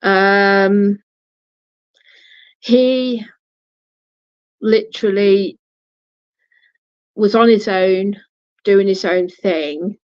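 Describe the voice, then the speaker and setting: A woman's voice: medium pitch, fairly even intonation, extremely slow, pauses often, darkish tone, clear, resonant tone, no echo. A woman vlogger telling a personal story casually, blunt and swearing, often restarting her sentences. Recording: dull lo-fi, dry sound.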